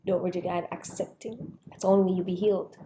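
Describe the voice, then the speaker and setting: A woman's voice: lowish voice, steady tone, quick pace, mellow, a little hiss or hum. A young woman vlogger telling a personal story in a rambling, frustrated way, sometimes dropping into a whisper.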